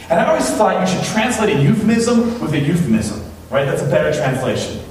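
A man preaches a relaxed, conversational sermon, often tossing in "right?" to the congregation. He is heard from some distance in a very echoey church, with a faint hum underneath. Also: a little high, a little fast. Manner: chatty, often asks "right?". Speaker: pastor.

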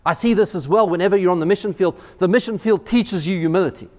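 A male pastor preaching a sermon in a church, animated, often repeating words and acting out quotes. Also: high voice, fast, long reverb tail.

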